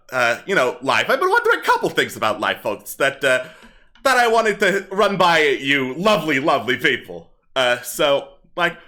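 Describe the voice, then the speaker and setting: A man's voice: a little high, bright, forceful tone, voice pushed up, heavily acted. A man doing a sleazy kobold stand-up comic. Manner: brash, corny joke-telling to a crowd. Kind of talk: actual-play tabletop game.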